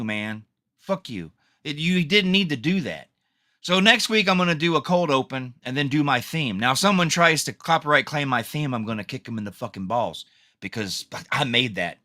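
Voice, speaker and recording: A man's voice: fairly high pitch, sharp tone. A man hosting his own podcast, ranting angrily and swearing heavily in a solo talk. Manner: angry, profane ranting. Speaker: podcast host. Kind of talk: solo rant.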